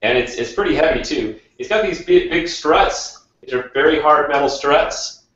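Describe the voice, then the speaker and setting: A man hosting a casual web show in a relaxed, loose way, talking over a video call. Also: on the high side, moderate pace. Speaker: host. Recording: roomy, dull video-call audio.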